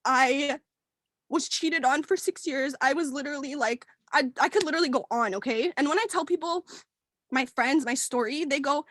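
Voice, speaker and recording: A young woman in her twenties speaks in a high voice, close to tears as she rambles through a heartfelt personal story. She fills her talk with fillers and restarts. The sound is dry, with no room echo. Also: normal speed, fairly bright tone. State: tearful, near crying. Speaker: team member sharing her story. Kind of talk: emotional personal testimony. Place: work meeting, dry room.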